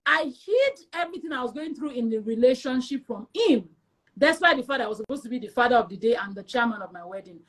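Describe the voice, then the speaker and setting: Animated high-voiced Nigerian woman. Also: quick pace. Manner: emphatic and animated, acts out quoted voices. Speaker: interview guest. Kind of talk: candid personal storytelling in an interview.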